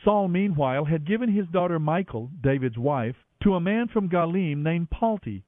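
A man with a fairly high voice reads scripture in a steady, measured way. His voice comes through a narrow, phone-like radio line that sounds dry and close. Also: no room sound. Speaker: Bible reader on radio. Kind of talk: scripture reading.

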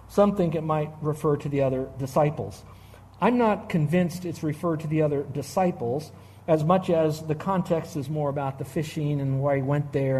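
A middle-aged man preaching a sermon, with emphatic, slow, stressed phrases and frequent restarts. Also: fairly high pitch, darkish tone. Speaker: pastor.

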